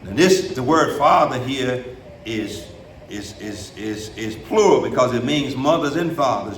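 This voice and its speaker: A middle-aged male pastor preaching a sermon in a church, talking in a loose, colloquial way and swinging from low, quiet stretches up to shouted peaks. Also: expressive, a little slow, far from the mic, a little hiss or hum. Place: church sanctuary. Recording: echoey room, preacher off the mic.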